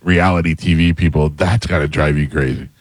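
Very deep-voiced laid-back host. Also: male voice, steady tone, a little fast, no echo. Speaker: podcast host and musician. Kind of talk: casual chat.

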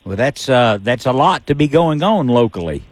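A man's voice: medium pitch, sing-song, moderate pace, no echo. A man hosting a radio fishing show, giving a caller brief, encouraging replies.

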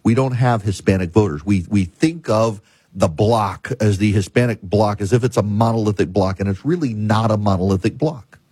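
A man's voice: lowish voice, a little mellow, slightly rough, no echo. A man delivering an emphatic political monologue as a commentator host, repeating and listing points with frequent restarts.

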